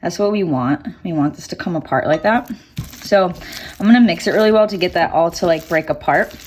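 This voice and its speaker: A woman's voice: on the low side, a little fast, a little mellow, slight background noise. A woman cooking in her home kitchen and chatting casually to viewers, giggly and swearing offhandedly. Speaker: cooking vlogger.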